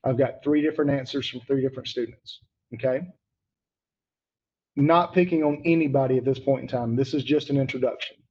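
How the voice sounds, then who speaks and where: A man's voice: mid-range voice, fairly quick, darkish tone, slightly rough, muffled recording. A man teaching grammar to students online, emphatic and repeating key points, calling on students by name.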